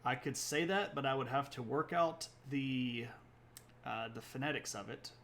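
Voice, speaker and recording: A man's voice: medium pitch, moderate pace, fairly bright tone, slight background noise. A man hosting a history livestream in a rambling, self-correcting way, chatting with viewers between points. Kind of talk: casual livestream talk.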